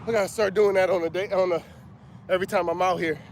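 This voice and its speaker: A man's voice: high voice, fairly even intonation, fast talker. A middle-aged man who is out of breath, talking casually on an outdoor livestream as a motivational coach and chatting with viewers by name. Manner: casual, reads out viewer names. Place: outdoors by a street. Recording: faint street noise outdoors. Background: traffic.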